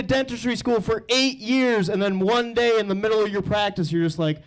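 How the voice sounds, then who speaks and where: A young man performing a deadpan stand-up set in front of a live audience, telling crude stories. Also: high-pitched, normal speed. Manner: deadpan storytelling, crude punchlines. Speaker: stand-up comedian. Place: comedy stage with live audience.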